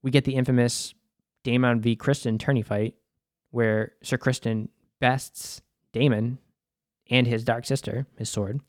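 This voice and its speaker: A man's voice: mid-range voice, fairly even intonation, unhurried, darkish tone, dry recording. Young boston guy recapping a show, chill and rambly, swears a lot, dead dry mic. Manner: loose and conversational, swears freely, many fillers. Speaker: host. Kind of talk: casual episode recap.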